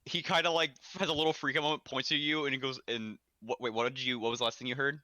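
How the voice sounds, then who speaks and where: A man narrating as dungeon master in a tabletop game, animated, laughing and profane. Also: mid-range voice, quick pace, no room sound.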